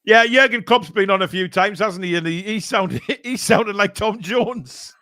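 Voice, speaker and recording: A man's voice: high-pitched, normal speed, pushed and bright. A man hosting a fan live stream. He reads out donations in casual, joking chat full of fillers. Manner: rambling, joking, many fillers.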